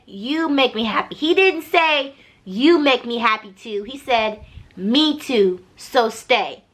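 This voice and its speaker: A young woman recapping a TV episode in a chatty, animated way, with slangy asides to her viewers. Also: high voice. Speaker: TV recap vlogger. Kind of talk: casual TV recap and review.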